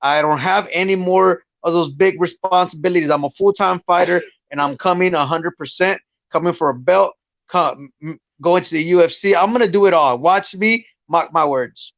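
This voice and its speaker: High-voiced, blunt fighter on a lo-fi line. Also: male voice, moderate pace, a bit bright, dry recording. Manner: blunt, profane, rambling. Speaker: guest fighter. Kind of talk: casual podcast chat.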